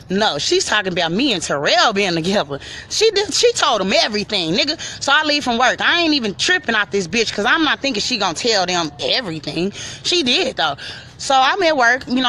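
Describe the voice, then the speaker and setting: A woman telling a personal story in a profane, animated way, talking straight to the listener. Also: fairly high pitch.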